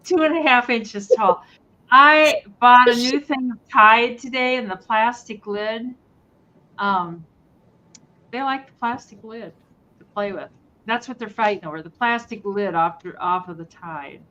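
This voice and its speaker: A woman's voice: on the high side, a little slow, sharp tone. Woman seller, chatty and rambling; muffled lo-fi audio, faint hiss. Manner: chatty, rambling, many fillers. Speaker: live sale seller. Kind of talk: casual live sale chat. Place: at home near the kitchen.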